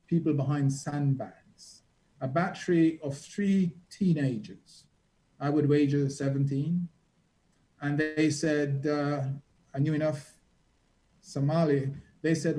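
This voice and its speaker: With a warm, slightly high voice and a moderate pace, this reporter and guest dramatically recounts his travels in conversation. He acts out quotes as he goes, though the audio is poor.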